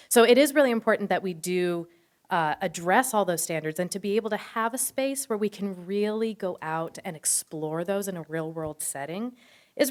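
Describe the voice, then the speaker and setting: A woman's voice: lowish voice, clean tone. A woman teacher speaking earnestly and explaining at a school board meeting. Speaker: third grade teacher.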